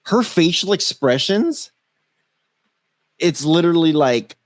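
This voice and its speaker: A man hosting a tech podcast in a loose, joking, casual way. His pitch swings widely as he talks, and the sound is dry and close, with no room around it. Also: expressive, slow, no echo. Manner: loose, joking, laughs often, swears. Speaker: podcast co-host. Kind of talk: casual tech-news chat.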